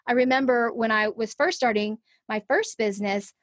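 A woman's voice: a little high, normal speed, no echo, clean studio sound. A middle-aged woman, a podcast guest, telling a personal story in a conversational interview and acting out her own thoughts.

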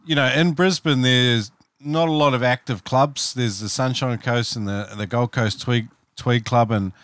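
A man hosting a podcast, chatting in a rambling, animated way. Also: mid-range voice, unhurried, no echo. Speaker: podcast host. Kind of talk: casual interview chat.

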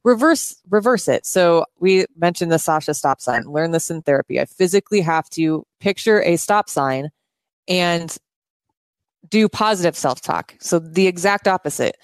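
Woman, low-ish voice, podcast co-host, earnest, rambling, dry room. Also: normal speed, clean tone, dry recording. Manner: rambling and earnest, loses words and restarts. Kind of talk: casual chat. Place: indoors at her house.

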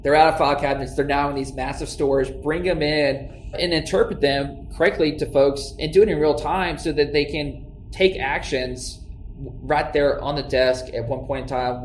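A man, a tech company co-founder, explaining his business in an interview and often restarting his sentences. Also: medium pitch. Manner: stammers on starts, talks through explanations. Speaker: tech startup co-founder and CEO. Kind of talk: conversational interview. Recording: echoey room with faint noise.

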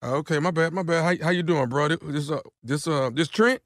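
A man's voice: a little high, brisk, dry recording, studio quality. A man on a radio show making a prank phone call, talking in a laid-back, slangy, hesitant way.

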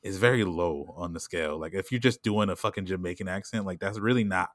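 The speaker is a low-pitched man in casual podcast chat, captured with studio quality and no room sound. He wanders from point to point, packing in fillers like "like" and "you know what I'm saying," laughing often and doing quick voices for the people he quotes.

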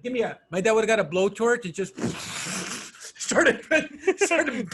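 A young man in a casual chat, telling stories with animation and dropping soft when serious. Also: high voice, sing-song, slow pace, a little hiss or hum.

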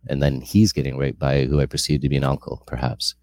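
A man's voice: rumbling low, level tone, fast talker, few pauses, a little mellow. A middle-aged man sharing a candid personal testimony, earnest and rambling with frequent restarts.

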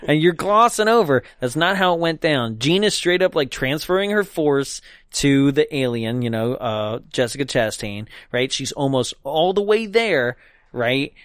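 Lively man recapping a movie. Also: fairly high pitch, smooth, no room sound, clean studio sound. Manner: animated, swearing, acting out characters in quick bits. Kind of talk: casual movie recap chat.

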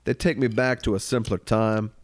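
A man co-hosting a podcast, chatting loosely about movies with quick jokes, bursts of mock singing and frequent laughter. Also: lowish voice, fairly even intonation. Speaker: podcast co-host. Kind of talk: casual comedic movie chat.

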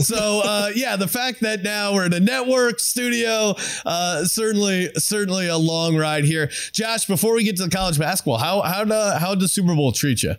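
A man hosting a sports betting show from a studio, relaxed and upbeat, laughing easily. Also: high voice, normal speed, few pauses, clean tone, dry recording. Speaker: sports betting podcast host. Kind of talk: casual sports talk hosting. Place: network studio.

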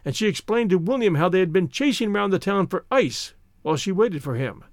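A man narrates a story in a measured, expressive reading voice. His pitch sits high and moves freely, and the recording is close and dry with no room sound. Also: no room sound.

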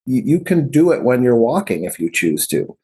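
A man speaking as a physician guest on a podcast. His voice is mellow and a little husky, and he explains earnestly in a conversational way, often ending points with a rhetorical question. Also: mid-range voice, sing-song, normal speed. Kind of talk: conversational interview.

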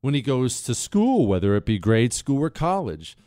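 A man hosting a political talk show, telling stories in an animated way and mimicking people in high voices. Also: normal speed, no echo, clean studio sound. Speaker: radio talk show host.

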